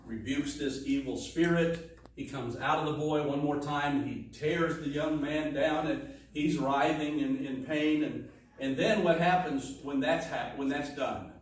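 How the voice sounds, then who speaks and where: A man's voice: a little high, fairly even intonation, unhurried. A man preaching a sermon in a conversational teaching manner, with asides and restarts. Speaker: pastor. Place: church sanctuary. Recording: echoey room, distant mic, faint noise.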